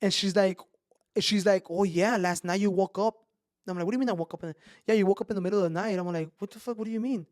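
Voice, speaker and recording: Clean studio audio without echo captures a high-voiced, fast-talking male podcast host sharing ghost stories conversationally. He's lively, curses freely, and drops in bits of Spanish slang.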